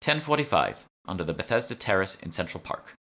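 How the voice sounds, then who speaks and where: A man voicing a sarcastic young woman with a British accent who teases with quick quips. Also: deep voice, big pitch swings, vocal fry, bright, forceful tone, full character voice. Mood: wry.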